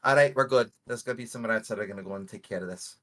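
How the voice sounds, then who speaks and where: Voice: mid-range voice, very fast. A player in a tabletop game, easygoing and joking.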